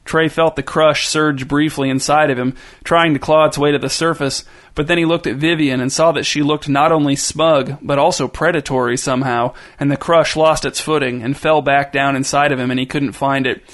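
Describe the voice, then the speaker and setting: A man reading a story aloud as narrator, with even, wry narration. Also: fairly high pitch, normal speed.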